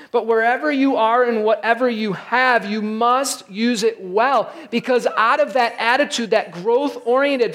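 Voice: mid-range voice, a bit bright. A pastor giving a sermon in an emphatic, conversational way, with asides to the congregation.

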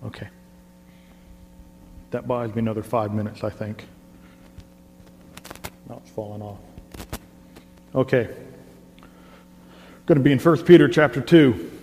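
A man preaching a sermon and leading prayer in a conversational, animated way, often repeating words, recorded on a clip-on mic. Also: mid-range voice, unhurried, pauses often. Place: church service hall. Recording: reverberant hall with faint hum.

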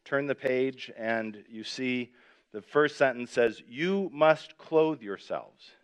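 A man's voice: mid-range voice, slow pace, smooth. A man preaching a sermon in a conversational way, reading scripture verses aloud and explaining them with everyday examples. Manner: conversational, repeats and restarts, reads scripture aloud. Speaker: pastor.

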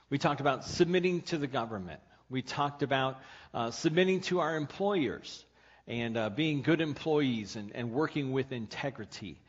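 Male pastor, husky mid voice, storytelling preacher, dull lo-fi recording. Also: medium pitch. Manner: storytelling, wry punchlines, dynamic shifts. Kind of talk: sermon with joke stories. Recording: dull lo-fi sermon audio.

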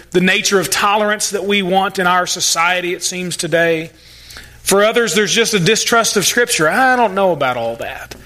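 Bright-voiced earnest male pastor. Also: high voice. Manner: earnest preaching, repeats words when stressing a point. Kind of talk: sermon.

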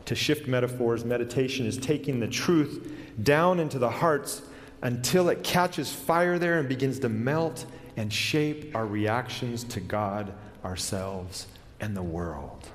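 A man preaching a sermon in an earnest way. He slows down and drops his voice to a hush on key words. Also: mid-range voice. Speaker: pastor. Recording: long hall reverb.

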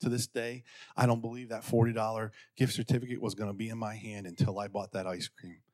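A pastor telling a personal story from the pulpit, acting out voices in a raised pitch and sinking to quiet, intimate passages. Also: male voice, quick pace. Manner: animated, acts out quotes in a raised pitch. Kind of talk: sermon storytelling.

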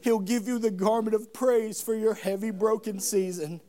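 A man preaching a sermon, telling the story in an animated, humorous, conversational way. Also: high-pitched, moderate pace.

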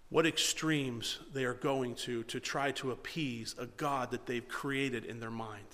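A man preaching a sermon, reading scripture and swinging between quiet reading and loud, mocking asides. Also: mid-range voice, measured pace, in a large hall. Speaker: pastor.

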